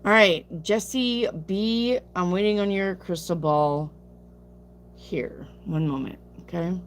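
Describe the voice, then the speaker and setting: Brief: lower-voiced woman, sleepy live-stream tarot reader, blunt casual answers, faint hum behind. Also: slow. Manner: chatty, reads viewer questions aloud and answers bluntly. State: sleepy, yawning.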